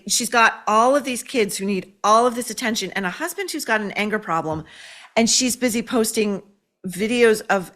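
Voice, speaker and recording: A woman's voice: medium pitch, a bit bright. Blunt, sarcastic woman podcast host. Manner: blunt, profane, sarcastic, with frequent "like" and "okay?". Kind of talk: opinionated pop-culture commentary.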